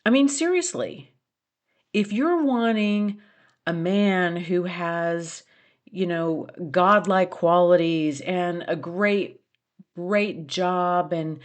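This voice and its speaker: A middle-aged woman hosts her own podcast in a slow, unhurried delivery. Her voice sits somewhat low for a woman. She reflects earnestly and presses listeners with direct questions. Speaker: podcast host. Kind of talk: reflective solo podcast talk.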